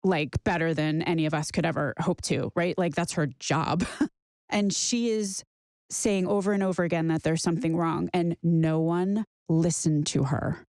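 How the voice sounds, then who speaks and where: A woman hosting a podcast interview, chatty and quick with asides. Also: lowish voice, darkish tone, dry recording, studio quality. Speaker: podcast host.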